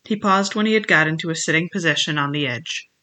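A narrator reading a novel chapter aloud in a steady, measured storytelling manner. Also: medium pitch. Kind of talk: scripted audiobook narration.

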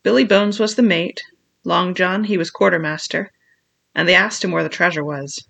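A jumpy, shrewd old castaway sailor drawling his seafaring talk slowly, as an audiobook reader puts him on. The voice sits a little higher than the reader's own and rings bright and clear. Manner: old seafaring dialect, slow and pleading. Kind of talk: audiobook character voice.

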